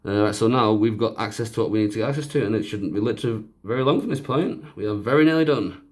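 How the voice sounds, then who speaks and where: A man with a fairly low voice talks a viewer through fixing a handheld console. He keeps up a loose, joking commentary full of self-mocking asides as he works. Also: fast, a little mellow. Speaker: repair video host. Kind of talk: casual narrated repair tutorial.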